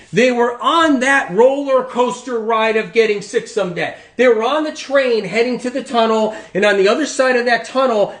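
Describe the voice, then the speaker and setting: A man's voice: very high voice, reverberant. A man giving an informal health talk in an emphatic, repetitive and rambling way. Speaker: health speaker.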